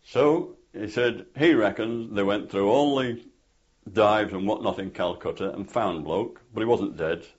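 A man's voice: on the low side, unhurried. An older man telling rambling anecdotes with many fillers in an oral history interview. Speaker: interviewee, former parachute instructor. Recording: dull lo-fi tape recording.

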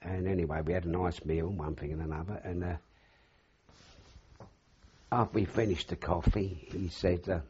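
A man's voice: sits low, steady tone, normal speed, long pauses, a little mellow, a little hiss or hum. An older man being interviewed, rambling through anecdotal memories and acting out the dialogue as he goes. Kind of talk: oral history reminiscence. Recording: dull lo-fi recording.

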